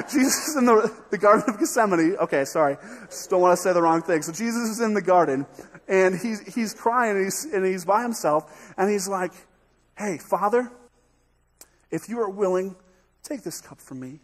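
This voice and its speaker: A man with an American accent preaching a sermon in a church, lively and joking, often acting out little voices and quotes. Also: high voice, breathy edge. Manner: energetic, jokey, acts out voices. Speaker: pastor. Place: church sanctuary.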